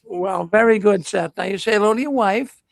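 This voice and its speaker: A man's voice: high-pitched, normal speed, creaky, dry recording. An older man hosting a casual livestream, making folksy, rambling announcements. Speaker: host.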